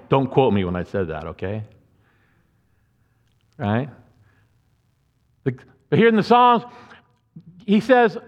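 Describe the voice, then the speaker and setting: A man preaching a sermon as pastor, conversational and earnest, with asides to the congregation. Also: on the high side. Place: church sanctuary. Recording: muffled church hall reverb.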